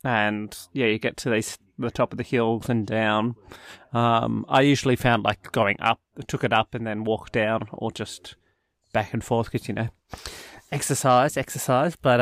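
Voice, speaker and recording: A man's voice: medium pitch, gravelly, no room sound, studio quality. A man, co-hosting a travel podcast in an enthusiastic, rambling way and laughing often. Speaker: podcast co-host. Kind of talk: casual travel podcast chat.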